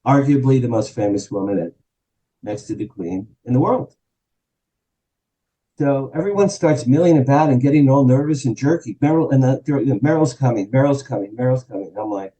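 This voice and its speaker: A man from New Jersey in his sixties, telling an animated anecdote as a guest on an interview show and acting out the quotes. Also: mid-range voice, moderate pace, rough recording. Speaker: guest, publicist and author. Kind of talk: storytelling in an interview.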